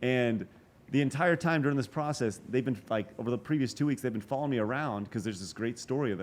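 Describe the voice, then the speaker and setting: A man in his forties telling a long story as a podcast guest, animated and profane, with quick asides and restarts. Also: medium pitch, slight background noise. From Texas. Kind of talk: casual storytelling interview.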